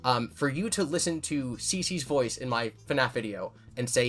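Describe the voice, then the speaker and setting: A man's voice: medium pitch, animated, normal speed, fairly bright tone, soft background music. A man hosting his own channel, answering viewer questions in casual chat and thinking aloud with frequent restarts.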